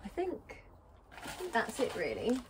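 A woman's voice: a little high, wildly swooping pitch, unhurried, noisy background. A British woman vlogging in a casual, rambling way, thinking aloud as she packs. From Britain. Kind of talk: casual chat while packing.

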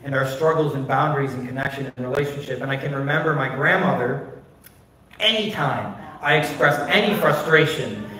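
A man's voice: medium pitch, a little fast, bright, forceful tone. Man pastor preaching far off in a very echoey sanctuary. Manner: candid, conversational, many "like" fillers. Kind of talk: personal storytelling sermon. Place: church sanctuary. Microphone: phone recording from a distance. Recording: distant, very echoey phone stream of a church.

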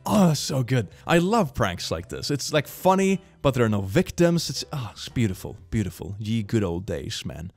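A man's voice: mid-range voice, sing-song, normal speed, gravelly, few pauses, darkish tone, no room sound. A man who is not a native English speaker, giving jokey, giggly commentary on memes as a streamer and often talking to himself. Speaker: meme reaction streamer. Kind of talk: casual reaction commentary.

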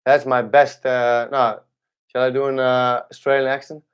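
A young man, a capoeira teacher, chatting casually on a livestream, halting and restarting his sentences often. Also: medium pitch, flat delivery, clear, resonant tone. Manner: halting, with many restarts and fillers. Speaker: capoeira instructor.

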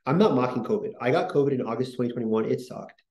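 Rambling man, dark voice, echoey room. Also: medium pitch, animated, fast. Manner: rambling, self-interrupting, many fillers. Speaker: podcast host. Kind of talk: casual rambling talk.

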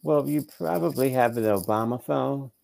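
A man's voice: mid-range voice, gravelly, a little mellow. A man co-hosting a sports and politics podcast, chatting casually with sarcastic jokes. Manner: wry, quick with sarcastic jokes. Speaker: podcast co-host.

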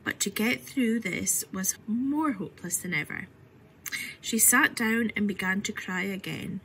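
A woman reading a children's story aloud in an expressive way, often softening to a whisper. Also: medium pitch, measured pace, slight background noise, low-quality recording. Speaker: reader.

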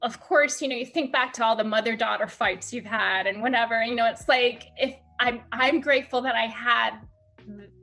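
A woman podcast guest telling a personal story in a halting way, with many fillers, close to tears. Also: on the high side, bright, forceful tone, faint music behind. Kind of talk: emotional conversational storytelling.

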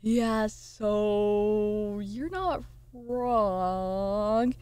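A young woman streamer chatting casually with her viewers, reading out chat messages and swearing, excitable. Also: medium pitch, extremely slow, clear, resonant tone.

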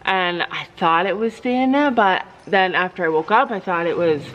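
A woman vlogger and horse owner talking casually to the camera. She rambles through her stories with many restarts and switches to a high sing-song voice when she speaks to her animals. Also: moderate pace, fairly bright tone, dull audio. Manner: rambling storytelling with frequent restarts. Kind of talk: casual chatty vlog.

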